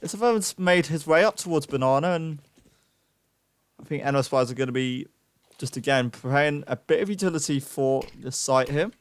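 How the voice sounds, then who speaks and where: Excitable young male esports caster. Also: on the high side, normal speed. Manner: excitable, self-mocking asides to chat. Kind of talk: live play-by-play commentary.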